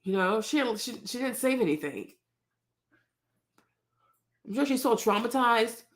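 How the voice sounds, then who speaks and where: A woman's voice: on the high side, animated, unhurried. A woman hosting her own show, talking straight to her viewers in outspoken, indignant casual commentary. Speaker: host.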